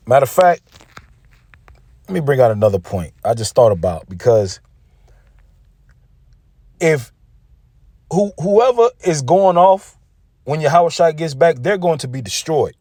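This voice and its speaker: Brief: combative male preacher, mid-pitched, dead-dry sound. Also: big pitch swings, slow pace, long pauses, a little mellow, no echo. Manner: combative, reads scripture aloud, mocking rivals. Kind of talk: street-preacher sermon video.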